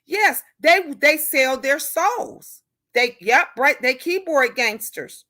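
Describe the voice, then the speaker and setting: High pitched woman going off on her live stream, preachy, keeps asking the same question over and over. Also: expressive, takes it slowly, pushed and bright. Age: older. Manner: fiery, preachy, repeats rhetorical questions. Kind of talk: ranting live chat.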